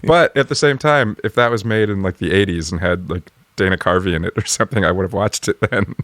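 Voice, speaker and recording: An easygoing man with a deep voice chuckles as he tosses out ideas in casual banter. The sound is close and dry, with no room around it. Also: a little fast, fairly bright tone, no room sound. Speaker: podcast co-host. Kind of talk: casual comedic brainstorming chat.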